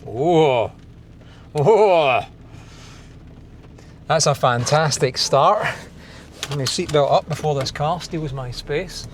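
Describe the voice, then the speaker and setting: A man's voice: a little high, a little slow, fairly bright tone, a little hiss or hum. Chatty Scottish man doing a car install. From Scotland. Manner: chatty, self-deprecating, thinking aloud while working. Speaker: car DIY video host. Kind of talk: casual install walkthrough. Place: inside a parked car.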